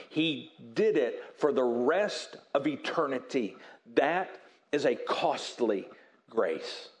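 A man preaching a sermon in an earnest, emphatic way with dramatic pauses, dropping to a soft voice when he acts out quoted apologies. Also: on the high side. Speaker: pastor.

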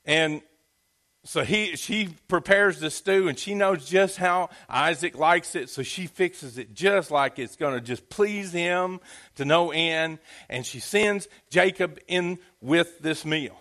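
A man's voice: fairly high pitch, takes it slowly, bright, forceful tone. A man preaching a sermon in a folksy, conversational storytelling manner. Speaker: pastor.

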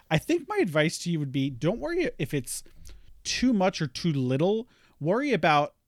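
A man's voice: on the high side, dry recording, studio quality. A man co-hosting a podcast, giving earnest advice in a casual way with many fillers. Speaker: podcast co-host.

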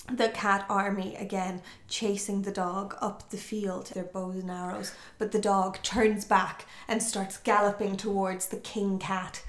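A woman telling a folk tale to friends, acting out the characters' voices with lots of energy. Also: mid-range voice. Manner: lively, acts out voices, laughs often. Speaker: storyteller. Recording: roomy echo.

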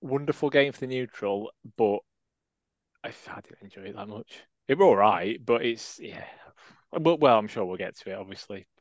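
A man's voice: medium pitch, expressive, normal speed, no room sound, lo-fi sound. A man chatting on a casual football podcast, rambling wryly through jokes and asides. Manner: wry, rambling banter. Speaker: podcast co-host.

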